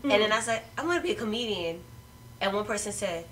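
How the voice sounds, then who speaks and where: Woman comedian, wry and relaxed, bright forceful voice, distant mic, faint noise. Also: medium pitch, fast. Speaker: comedian guest. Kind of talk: casual storytelling.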